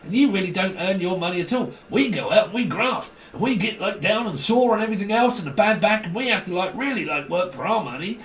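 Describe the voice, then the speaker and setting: A high-voiced man talks casually to camera as a tarot reader, rambling and swearing, laughing often and mimicking the people he describes. His voice sounds a little far from the mic in an echoey room with faint noise behind it. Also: expressive, brisk, few pauses, a bit bright.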